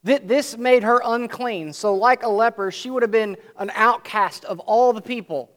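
This preacher has an extremely high, slightly bright voice. He reads scripture aloud, explains it earnestly, and slows and swells his speech whenever he wants to press a point.

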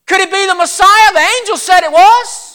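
A man voicing an excited rough shepherd with a Southern accent, stammering and insistent, his voice cracking. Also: very high voice, normal speed, full character voice. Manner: stammering, insistent, shouting at times. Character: excited rough male shepherd, breathless with news.

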